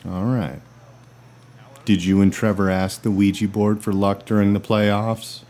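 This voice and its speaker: A man acting in a comedy sketch, with a dry, exasperated deadpan delivery. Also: lowish voice, a little slow. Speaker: comedy podcast host.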